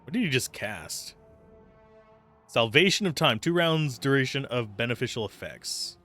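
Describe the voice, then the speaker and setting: Bright-voiced man streaming a game. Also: medium pitch, animated, moderate pace, soft background music. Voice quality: chatty, wry, self-amused. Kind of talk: casual gameplay commentary.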